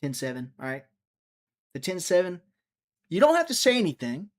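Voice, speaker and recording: A man with a slightly high voice hosts a loose, casual livestream. He rambles and cracks jokes, talking straight to the viewers in his chat. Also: very animated, normal speed. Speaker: livestream host.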